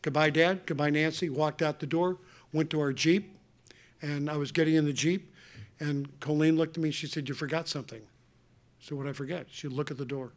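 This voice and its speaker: An older man answering an audience question at a conference, telling personal family stories in an earnest, animated way with many restarts. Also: a little high, normal speed. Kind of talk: emotional personal storytelling. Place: conference hall.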